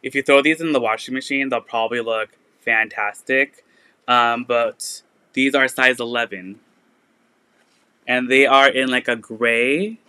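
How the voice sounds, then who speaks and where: A man hosting a live resale stream, chatting casually and filling pauses with "like" and "um" while he shows items. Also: medium pitch, steady tone, sharp tone, smooth, no echo. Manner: chatty, lots of "like" and "um" fillers. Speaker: online resale seller.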